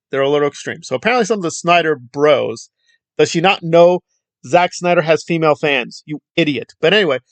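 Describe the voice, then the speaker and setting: A man's voice: fairly high pitch, no echo. A man giving a ranting film commentary in a heated, rambling, sarcastic way.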